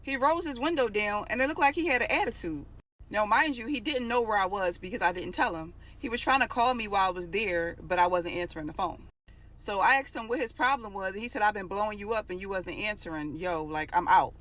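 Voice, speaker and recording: A woman's voice: on the high side, animated, fairly quick, a bit bright. A woman telling her own story in a casual, emotional storytime monologue, repeating phrases for emphasis.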